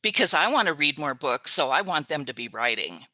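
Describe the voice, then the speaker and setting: An older woman talks in a low-pitched but bright voice, recorded close and dry. She chats easily as a guest and tells her stories with frequent laughter. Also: big pitch swings, dry recording. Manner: chatty storyteller, quick to laugh. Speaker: author's virtual assistant, guest. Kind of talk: casual interview chat.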